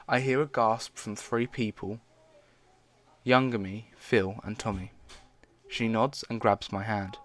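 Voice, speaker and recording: A man's voice: fairly low pitch, steady tone, a little slow. A man casually reading fan fiction aloud, stumbling now and then and dropping in his own side comments.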